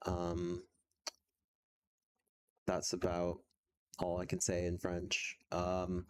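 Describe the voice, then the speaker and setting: Male streamer, deep voice, unhurried, halting delivery full of ums, chuckles between lines. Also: completely flat delivery. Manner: hesitant, many filler sounds, chuckles often. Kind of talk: casual live-stream chat while practicing a language.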